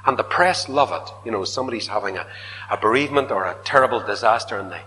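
A man preaching a sermon, swinging dramatically from loud declaiming to hushed whispers. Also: lowish voice, lively intonation, fast, slight background noise. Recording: reverberant hall.

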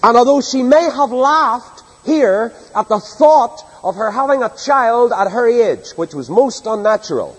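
A man preaching an evening sermon with a high, husky voice. He swings widely in pitch as he reads scripture with emphatic, dramatic delivery. His voice carries a long reverb, as in a large church hall. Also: expressive, unhurried, few pauses.

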